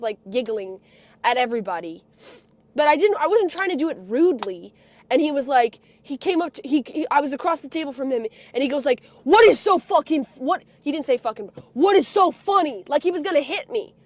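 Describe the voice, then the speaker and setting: A woman telling a story on a live stream in a profane, angry rant that often breaks into shouting. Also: high-pitched, expressive, quick pace. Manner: foul-mouthed, angry, swings into shouting.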